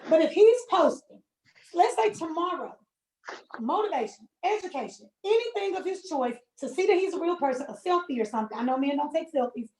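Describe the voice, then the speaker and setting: A woman leading a casual business training call, talking in an animated, emphatic and plain-spoken way. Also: very high voice, a little fast, roomy sound, poor audio. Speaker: network marketing trainer.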